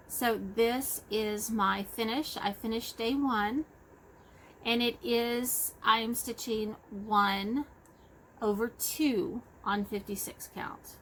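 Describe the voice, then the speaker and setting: A woman's voice: fairly high pitch, steady tone, slow pace, fairly bright tone, slight background noise, poor audio. A woman with a Texas accent chatting casually about her cross-stitch projects, rambling and correcting herself as she goes. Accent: Texan. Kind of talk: casual show-and-tell chat.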